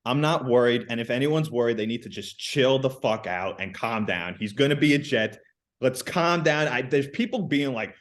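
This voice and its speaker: A man's voice: medium pitch, expressive, normal speed. Blunt, emphatic young man talking sports. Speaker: podcast co-host. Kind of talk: casual sports chat.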